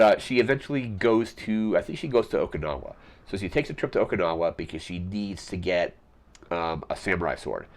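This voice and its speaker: A man hosting a podcast, casually recapping a film in a rambling way full of fillers. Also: low-pitched. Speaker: podcast host.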